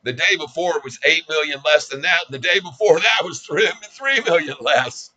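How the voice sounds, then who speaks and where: Bright-voiced folksy man in his sixties. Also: a little high, expressive, normal speed, low-quality recording. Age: 60s. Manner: folksy, cocky and self-mocking, chuckles often. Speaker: stock trading vlogger. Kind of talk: casual stock market commentary.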